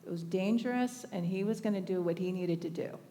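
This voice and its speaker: A woman's voice: fairly low pitch, brisk, mellow, in a large hall. A woman from Northern California giving a storytelling sermon at a thanksgiving service, conversational and often laughing. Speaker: speaker at a spiritual thanksgiving service.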